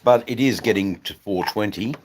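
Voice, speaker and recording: A man's voice: on the low side, normal speed, noisy background. An Australian man hosting a casual livestream, rambling and swearing as he chats to viewers. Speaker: livestream host.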